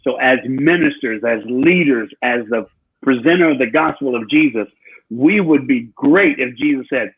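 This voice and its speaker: A man's voice: medium pitch, normal speed, slightly rough. A man, a guest speaker, telling stories in a preaching style, emphatic and repeating his phrases. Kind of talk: preaching storytelling. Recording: tinny phone-like call line.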